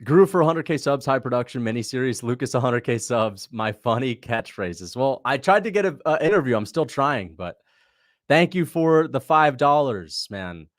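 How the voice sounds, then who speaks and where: A man's voice: mid-range voice, expressive, no room sound, clean studio sound. A young man casually hosting a livestream, chatting loosely, laughing easily and thanking viewers as he reacts. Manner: loose, chatty, quick to laugh, reads out donations. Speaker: livestream host reacting to fights.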